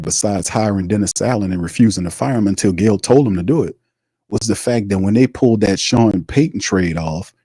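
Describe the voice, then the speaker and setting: A man's voice: lowish voice, mellow, breathy edge, no echo, poor audio. A man hosting a sports livestream, ranting emphatically, repeating himself and reading viewer comments aloud. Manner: emphatic, repetitive, reads chat aloud. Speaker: sports show host.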